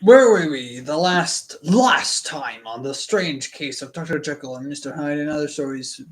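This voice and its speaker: A man's voice: on the high side, expressive, moderate pace. A young man hosting a casual book reading stream, rambling and stammering with many fillers and restarts. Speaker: book reading channel host. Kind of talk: casual rambling livestream chat.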